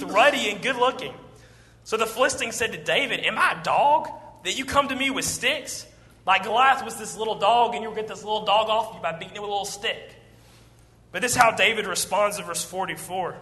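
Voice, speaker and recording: Animated preacher in a reverberant church. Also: male voice, sits high, a little fast. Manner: animated storytelling, acting out quoted lines. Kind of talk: sermon retelling a Bible story. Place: church auditorium. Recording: long church hall reverb.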